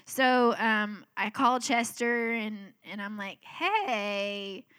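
A woman's voice: fairly high pitch, fairly even intonation, slow pace, fairly bright tone, clean tone. A middle-aged woman giving a casual spoken testimony, telling her story in a chatty way full of filler words. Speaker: speaker sharing a personal testimony.

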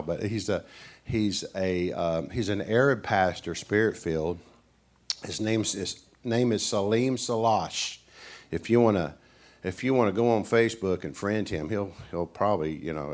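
A middle-aged man with an East Tennessee Southern accent, a guest preacher telling folksy stories in a sermon and acting out the characters. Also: low voice. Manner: animated storyteller who acts out characters.

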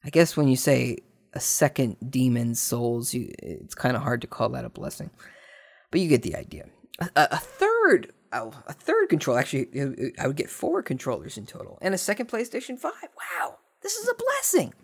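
A man hosting a podcast, telling a long story in a casual way, repeating words and swinging between hushed and excited tones. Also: mid-range voice, normal speed, vocal fry. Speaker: podcast host. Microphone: desk microphone.

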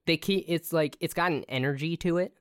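Very deep-voiced woman, dry close sound. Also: a little fast, dry recording. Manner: relaxed, easy agreement, quiet laughs. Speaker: podcast co-host. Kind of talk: casual movie-review chat.

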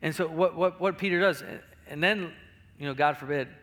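A man's voice: fairly high pitch, moderate pace, a bit bright. A middle-aged male pastor preaching a sermon in a conversational way, often repeating words as he talks. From United States.

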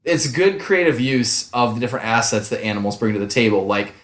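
Male co-host, easygoing, mid pitch, roomy recording. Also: expressive, brisk, a bit bright. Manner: easygoing, trips over words. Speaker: podcast co-host. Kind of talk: casual chat. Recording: echoey room.

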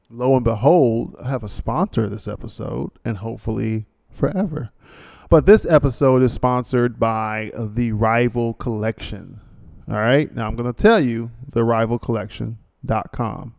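A man's voice: medium pitch, creaky, darkish tone. A male podcast host, talking casually alone and rambling through a sponsor read with joking asides and many restarts. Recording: long hall reverb.

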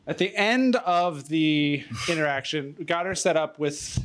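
A man's voice: on the high side, expressive, a bit bright. Winded, laughing man telling a story. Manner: rambling, laughing, halting fillers. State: out of breath. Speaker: storyteller guest. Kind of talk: casual chat.

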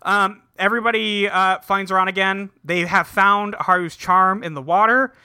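A man's voice: high-pitched, fairly even intonation, normal speed, bright, forceful tone, smooth, no echo, clean studio sound. A man casually recapping an episode with a co-host, rambling with many ums and acting out the characters' lines. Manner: rambling retelling with many ums and quoted dialogue. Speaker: podcast co-host.

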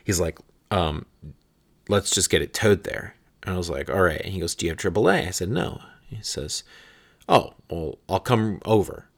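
Man in his thirties, low voice, casual storytelling, rambling, swears a bit. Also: lively intonation, normal speed. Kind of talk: casual anecdote telling.

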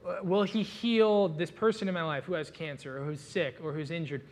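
Man, sermon, casual and joking, slightly high voice, chatty asides. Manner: casual, joking, animated storytelling with many "like" fillers. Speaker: pastor.

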